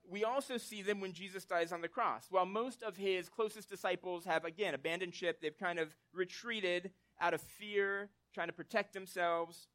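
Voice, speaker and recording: High-voiced man preaching conversationally. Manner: conversational, tag questions like "right?"; animated storytelling with acted quotes. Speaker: pastor. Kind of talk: sermon.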